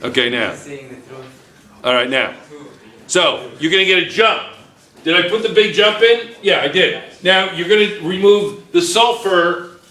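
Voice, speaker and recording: A man's voice: high-pitched, expressive, unhurried, sharp tone. A man teaching chemistry to a class, playful and joking, firing questions at his students. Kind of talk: classroom lecture. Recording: echoey classroom.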